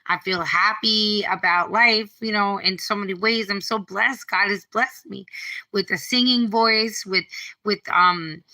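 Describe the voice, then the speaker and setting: A middle-aged livestreamer at home talks in a bright, forceful voice of middling pitch. Her casual stream is rambling and full of restarts, and she reads her viewers' comments aloud. It was recorded on a phone, and the quality is low.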